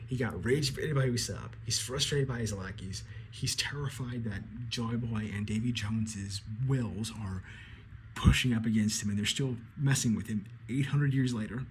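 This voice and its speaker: A man giving an excitable, casual recap of a comic chapter, acting out the characters' lines and swearing freely. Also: mid-range voice, moderate pace, a little hiss or hum. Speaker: anime commentator.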